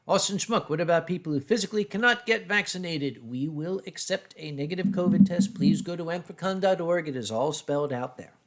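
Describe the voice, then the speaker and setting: A man's voice: on the high side, fairly quick, hardly any pauses. A man hosting a casual drinking stream, reading out viewer questions and giving short, dry answers. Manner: dry, clipped replies, reads viewer questions. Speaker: host.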